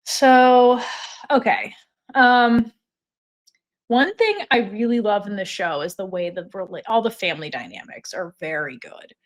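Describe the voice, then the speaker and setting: A woman's voice: mid-range voice, unhurried. A woman co-hosting a podcast in casual chat, retelling scenes with acted-out lines and swearing freely. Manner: animated retelling, swears freely, acts out characters. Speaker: podcast co-host.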